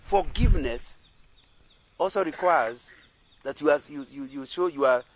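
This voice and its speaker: A man's voice: fairly high pitch, expressive, measured pace, rough recording. A man teaching in a sermon style who keeps checking that listeners agree and often repeats and restarts his phrases. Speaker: Christian teacher.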